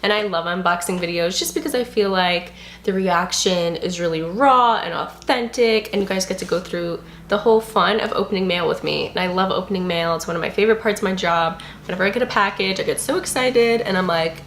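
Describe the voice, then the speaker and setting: Gushing, excitable young woman vlogger. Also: fairly low pitch, brisk, a little hiss or hum. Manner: gushing, excitable, many "like" and "you guys". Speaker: beauty and lifestyle vlogger. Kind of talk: casual unboxing vlog.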